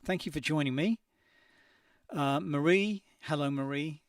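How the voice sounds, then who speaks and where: A man's voice: on the high side, measured pace, no echo, clean studio sound. Male host, casual stream chat, friendly and hesitant, mic a little far off. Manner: friendly, chatty, hesitant with many ums. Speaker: host reading viewer comments.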